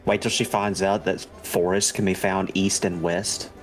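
A man's voice: low voice, flat delivery, normal speed, faint music behind. A man playing in a tabletop game, teasing his friend dryly and starting his lines a little hesitantly. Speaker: player. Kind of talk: casual tabletop game chat.

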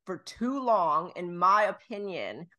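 Candid woman, lowish voice, casual chat. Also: sing-song, slow pace, pushed and bright. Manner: candid, laughs at herself, swears casually. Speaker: podcast co-host.

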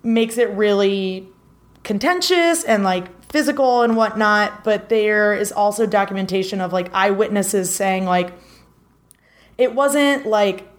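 Woman, podcast co-host, casual storytelling, rambling delivery, mid pitch. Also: unhurried. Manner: rambling, lots of filler words.

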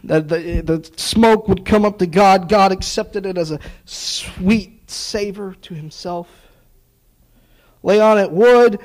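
A man's voice: sits high, takes it slowly, rough recording. A man preaching a sermon, retelling a story with acted-out dialogue and sarcastic asides.

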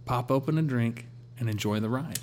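A man's voice: mid-range voice, normal speed, slight background noise. Man telling a faith story. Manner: storytelling, quotes God in a calm voice. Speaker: guest sharing a testimony. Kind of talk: conversational testimony.

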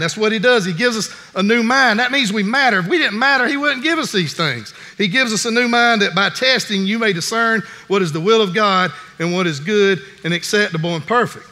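A man's voice: high-pitched, a little fast, hardly any pauses, pushed and bright. A man preaching a sermon in an earnest, folksy way, often restarting his sentences. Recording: long reverb in a large hall.

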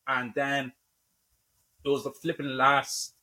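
A man's voice: mid-range voice, monotone, takes it slowly, pushed and bright. A young Irish man with a Dublin accent, a podcast guest chatting casually and tagging almost every phrase with "man" and "obviously". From Ireland. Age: young adult. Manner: says "man" and "obviously" constantly, bantering.

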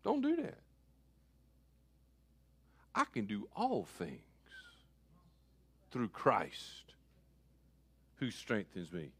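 A man preaching a sermon as pastor, switching between loud calls and quiet asides. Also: fairly low pitch, huge pitch swings, very slow, pauses often, husky, no room sound.

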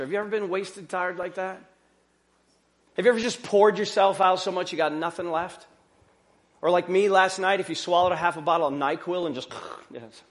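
A pastor preaching a sermon in a conversational way, full of rhetorical questions and joking asides. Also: male voice, sits high, a bit bright.

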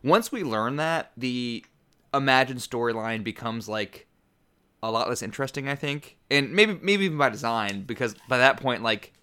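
A man gives a considered, hedging take on a film, qualifying his points as he goes. His voice is bright and crisp. His pitch is middling. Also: animated, normal speed. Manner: thoughtful, hedging, many "like" fillers. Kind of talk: casual film discussion.

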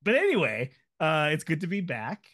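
A man's voice: on the high side, wildly swooping pitch, moderate pace, fairly bright tone. A man co-hosting a podcast, bantering in a playful, jokey way. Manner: playful, jokey, mock-conspiratorial. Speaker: podcast co-host. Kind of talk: casual banter.

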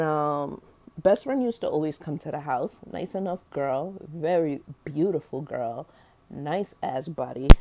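A young adult woman with a deep voice and dark tone tells a personal story casually. She's candid and slangy, rambling along with plenty of fillers and explicit language.

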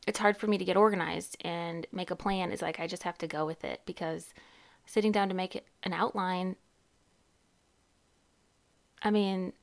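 A woman's voice: fairly low pitch, steady tone, normal speed, creaky, pauses often. A woman in her thirties hosting a casual podcast, chatty and rambling, often laughing and cutting herself off. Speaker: podcast host and therapist.

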